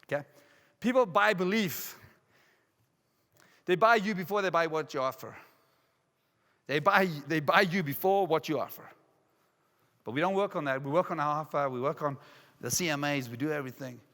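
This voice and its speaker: A man's voice: a little high, moderate pace, long pauses, a bit bright. Emphatic man in a hall. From South Africa. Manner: emphatic, with repeated rhetorical questions. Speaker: keynote speaker. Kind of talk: motivational conference speech. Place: large casino conference hall. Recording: reverberant hall.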